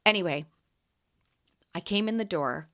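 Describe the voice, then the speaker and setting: Chatty woman telling a story. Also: on the low side. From Canada. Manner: chatty, animated, quick laughs. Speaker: podcast host and jam vendor. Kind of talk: casual storytelling.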